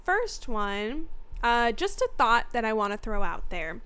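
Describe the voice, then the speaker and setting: A woman's voice: fairly high pitch, big pitch swings, measured pace, a bit bright, smooth. A woman co-hosting a casual book podcast, chatty, reading out quotes and saying "literally" often. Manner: chatty, says "literally" a lot, reads quotes. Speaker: podcast co-host. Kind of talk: casual chat about a book.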